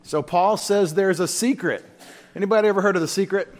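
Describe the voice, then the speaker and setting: Male Bible teacher, casual church-study delivery, slightly raised pitch, throws questions to the room. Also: a little fast. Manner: informal, asks the room questions.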